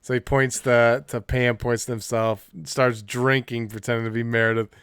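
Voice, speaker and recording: A man co-hosting a casual podcast, chatting lively and acting out scenes in quoted voices. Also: mid-range voice, moderate pace, clear, resonant tone, no echo, studio quality. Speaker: podcast co-host. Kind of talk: casual chat.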